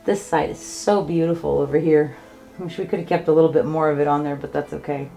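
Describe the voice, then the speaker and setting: A woman's voice: low-pitched, fairly even intonation, a little fast, vocal fry, warm tone, soft background music. A woman hosting her art channel, chatting casually and gushing with laughs through a paint-pouring demo. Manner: bubbly, gushing, laughs often. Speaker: acrylic pour artist hosting her channel. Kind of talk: casual craft demo chat.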